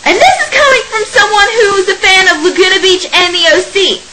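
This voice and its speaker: A woman's voice: extremely high pitch, animated, a little fast, noisy background. A young woman in her late teens ranting to camera, exasperated and sarcastic, laughing between complaints. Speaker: vlogger.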